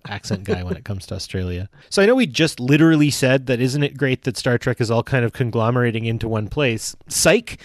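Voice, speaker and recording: A man co-hosting a podcast, talking in an animated, rambling way with plenty of fillers. His voice sits at an ordinary middle pitch. The sound is dry and close, with no room around it. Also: dry recording. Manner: animated, chatty, many fillers and restarts. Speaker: podcast co-host. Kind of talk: casual chat.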